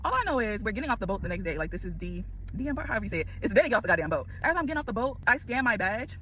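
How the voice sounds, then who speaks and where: Fast, animated woman telling a story. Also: a little high, highs cut off, a little hiss or hum. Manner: animated, exclaiming, addresses viewers as y'all. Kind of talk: casual storytime to camera.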